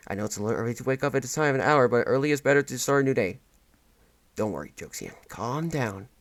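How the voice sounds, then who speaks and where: A man voicing a possessive mother who speaks softly and sweetly while threatening, reading a horror game's dialogue. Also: medium pitch, expressive, fast, close to an everyday voice. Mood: coldly tender. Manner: soft, doting tone over threats. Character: sweet-talking possessive mother, calmly menacing.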